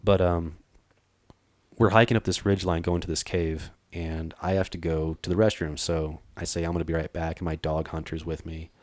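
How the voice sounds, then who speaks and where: A man from Arizona, a treasure hunter guest, telling a story in a casual, animated way and acting out what people said. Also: sits low, normal speed, no echo. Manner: animated, acts out quoted dialogue, frequent fillers.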